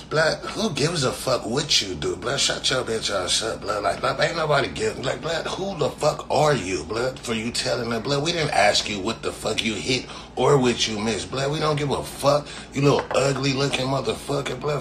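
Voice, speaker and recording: A man's voice: medium pitch, expressive, moderate pace, hardly any pauses, background noise. A man from California talking casually to viewers, rambling and profane, full of slang and repeated phrases. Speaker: streamer. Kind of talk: casual rambling live talk.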